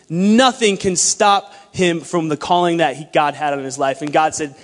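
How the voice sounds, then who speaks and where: A young man delivers a sermon with a high-pitched voice, animated and acting out little dialogues. His words ring with a long reverb in a church hall. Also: normal speed, hardly any pauses. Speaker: preacher.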